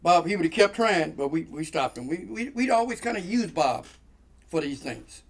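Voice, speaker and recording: Here the man speaks in a high voice at normal speed. He's a guest storyteller spinning a long, funny tale in casual conversation, animated throughout, doing the voices of the characters and laughing a lot.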